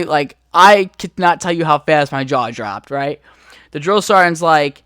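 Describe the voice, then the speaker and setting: A man's voice: fairly high pitch, lively intonation, moderate pace, sharp tone, smooth, dry recording, studio quality. A young man hosting a podcast, telling a rambling story in a laid-back, profane way full of fillers. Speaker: podcast host. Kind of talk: casual storytelling.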